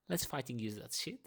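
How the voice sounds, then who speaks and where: A young man ranting through a morning monologue in his second language. He swears freely and swings between loud outbursts and low murmurs. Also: gravelly, breathy edge. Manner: speaks English as a second language. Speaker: vlogger.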